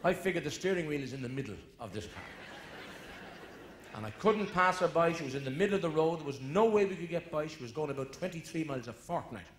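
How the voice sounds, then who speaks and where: Irish comedian telling stories on stage. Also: male voice, a little high, animated, fast talker. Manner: storytelling with punchlines, acting out characters. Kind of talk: live stand-up comedy. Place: live venue with audience. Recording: echoey live venue with crowd noise. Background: crowd laughter.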